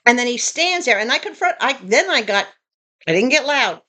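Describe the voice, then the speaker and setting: Woman, vlogger, casual storytelling, indignant, animated, lively pitch. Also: moderate pace. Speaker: tiny home vlogger.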